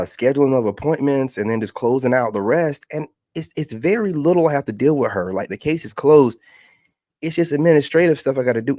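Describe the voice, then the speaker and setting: Man, mid-pitched, fed-up vlog rant, mocking tone, dry close sound. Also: darkish tone, no room sound. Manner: exasperated, ranting, mocking. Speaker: content creator.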